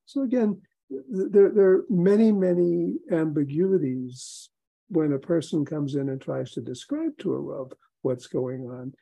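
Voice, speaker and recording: A man's voice: fairly high pitch, measured pace, vocal fry, husky, rough recording. A man, a rabbi and psychologist, explaining and telling stories as a podcast guest. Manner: explanatory, storytelling, animated emphasis. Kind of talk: podcast interview.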